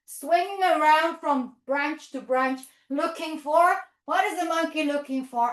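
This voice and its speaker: A woman with a fairly high voice guides toddlers through yoga in a playful, sing-song manner. She speaks slowly and drops in animal noises. The sound is roomy and echoey, as if recorded in an open studio. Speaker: children's yoga teacher. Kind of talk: leading a playful toddler yoga demo class. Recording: echoey room.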